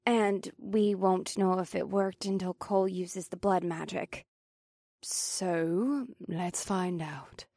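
Hushed, gentle young woman played by a man, quiet and breathy, audiobook figure. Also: fairly even intonation, takes it slowly, no echo, studio quality, heavily acted. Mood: encouraging. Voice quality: hushed falsetto.

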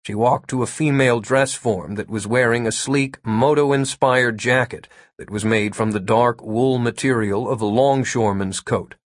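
A man narrating an audiobook in an expressive, wry storytelling manner. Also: medium pitch, moderate pace, few pauses, no echo, studio quality.

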